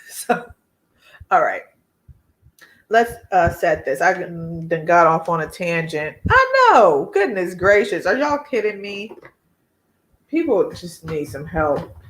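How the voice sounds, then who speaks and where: A woman, hosting a casual beauty live chat, chatty and laughing often as she reads viewer comments. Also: lowish voice.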